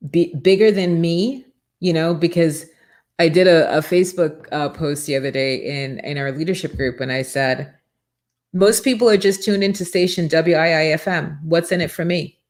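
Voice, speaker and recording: Low-voiced lady hosting a morning show, preachy motivational faith talk, lots of rhetorical questions. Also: normal speed, darkish tone.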